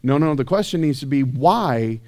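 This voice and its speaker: A man's voice: mid-range voice, lively intonation, moderate pace, darkish tone. A man preaching a sermon in a church, talking conversationally with rhetorical questions and self-deprecating asides. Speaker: pastor.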